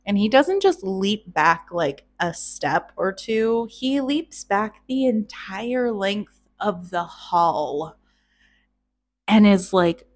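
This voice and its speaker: A woman telling an old myth in a casual, chatty way, slow and unhurried in her delivery. Her tone is irreverent, with swearing and little laughs at her own jokes, at an ordinary middle pitch. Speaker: storyteller host.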